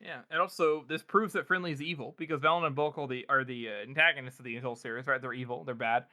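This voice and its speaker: A man co-hosting a podcast in excitable casual chat, quick to laugh. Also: medium pitch. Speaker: podcast co-host.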